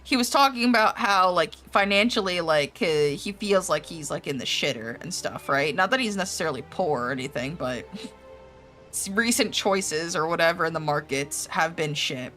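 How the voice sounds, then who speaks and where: A woman's voice: lowish voice, lively intonation, moderate pace, sharp tone, faint music behind. A young woman streamer casually recapping game quests, rambling and swearing freely with lots of "like".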